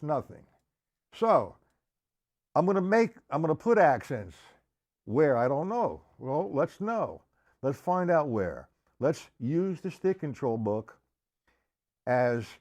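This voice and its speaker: A man's voice: on the high side, a little mellow. Brief: male drum teacher, live stream, counts out rhythms, faint drums in the background. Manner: counts beats aloud, asks viewers for responses.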